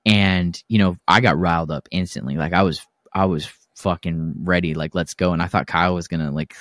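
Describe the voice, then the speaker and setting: A young adult man co-hosting a casual podcast, telling profane stories and acting out the quotes with lively energy. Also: low voice, fairly quick, dry recording, clean studio sound. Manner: profane, animated storytelling with acted-out quotes. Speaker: podcast co-host. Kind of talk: casual storytelling chat.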